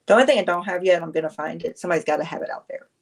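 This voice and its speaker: A woman's voice: fairly low pitch, very fast. A woman, chatting casually on a livestream, rambling, answering viewers and laughing often. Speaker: livestream host.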